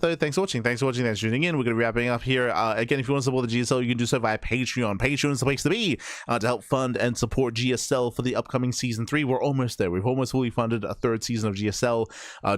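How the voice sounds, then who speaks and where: A hoarse man is still recovering from losing his voice. He winds down a game stream as caster, rambling and correcting himself as he goes. His pitch sits in an ordinary middle range, with faint music playing behind him. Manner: rambling, self-correcting, apologetic. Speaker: esports caster. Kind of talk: casual stream wrap-up.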